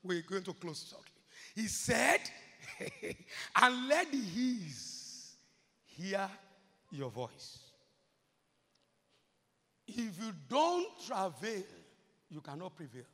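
A pastor preaching in a large church hall, his voice pitched very high and gravelly. He drawls slowly and breaks into shouted prayer lines. A long reverb hangs on every word. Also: wildly swooping pitch. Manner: preaching, swinging from murmured asides to shouted chants. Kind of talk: sermon.

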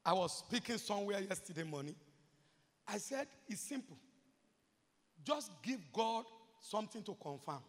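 A man preaching a sermon as pastor, moving from murmured asides to shouted, repeated chants. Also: high-pitched, animated, moderate pace, long pauses. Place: large church hall. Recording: reverberant church hall.

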